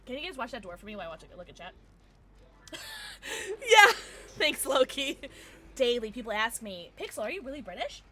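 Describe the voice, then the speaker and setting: A woman streaming a game and chatting casually with her viewers, excitable and quick to thank them. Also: fairly high pitch, a little hiss or hum. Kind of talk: casual livestream chat while gaming.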